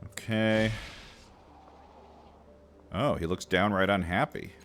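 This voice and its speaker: A man's voice: low-pitched, slow, fairly bright tone, slight background noise. A man giving wry, sardonic commentary while streaming a game. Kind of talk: let's-play commentary.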